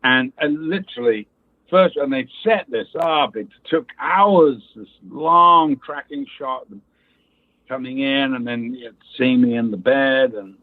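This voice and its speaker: A man's voice: medium pitch, a little slow, dry recording. Male actor guest, anecdotal storyteller, tinny phone-like sound, dry. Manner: storytelling, acts out quoted people, swears casually. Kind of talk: anecdotal interview chat. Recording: tinny phone-line audio.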